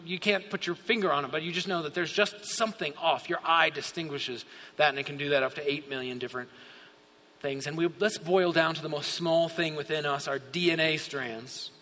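A man preaching a sermon, moving between hushed asides and shouted bursts of awe. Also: on the high side. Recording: long hall reverb.

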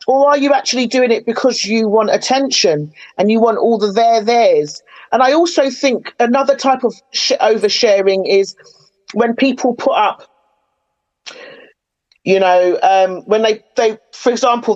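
A chatty woman with a fairly high voice talks through her opinions in a relaxed podcast conversation. She is animated and emphatic, and she often slips into quick, lively retellings. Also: highs cut off. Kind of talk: casual chat.

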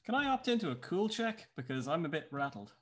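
A man's voice: on the high side, very animated, quick pace. A man playing a character in a tabletop game, chatting casually and poking fun at his own bad rolls. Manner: chatty, self-mocking about his dice rolls. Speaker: player.

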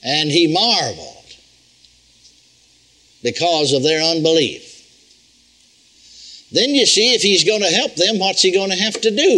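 Older preacher, lively husky folksy voice. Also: male voice, sits high, low-quality recording. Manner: folksy, animated teaching with repetitions. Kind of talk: sermon. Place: church healing school.

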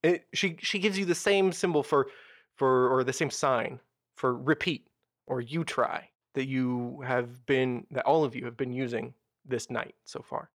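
A man's voice: mid-range voice, no room sound. Man narrating a tabletop game, dry sound. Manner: measured, descriptive storytelling. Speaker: game master.

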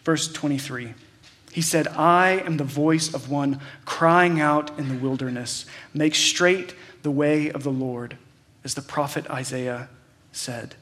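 A man with a slightly high voice preaches a sermon. He walks through the passage in a loose, conversational way, with plenty of "um"s and restarts. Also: steady tone, slow, fairly bright tone. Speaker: pastor.

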